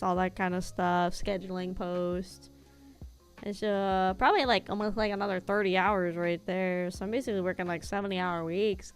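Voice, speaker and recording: A young woman streamer who talks non-stop while gaming, loose and rambling, with a casual curse now and then. Her pitch sits in an ordinary middle range. Faint game music plays under her voice. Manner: chatty, rambling, casually profane.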